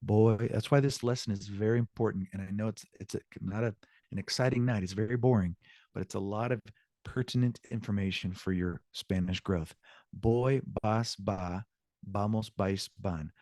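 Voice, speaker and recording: A man teaching an evening language class, explaining grammar slowly and repeating each example. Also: fairly low pitch, steady tone, mellow, no echo. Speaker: Spanish teacher. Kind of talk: online class lecture.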